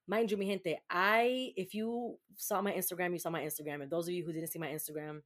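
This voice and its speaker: A young woman in casual, animated storytelling mode, her voice sitting a little low for a woman. She swears freely, laughs through her own anecdotes, and drops Spanish words into her talk as a show host. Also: brisk.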